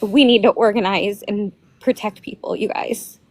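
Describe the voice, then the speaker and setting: A woman calling in to a talk show, upset and near tears, speaking urgently in halting phrases. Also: mid-range voice, dry recording. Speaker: caller. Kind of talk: phone-in call. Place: North Carolina.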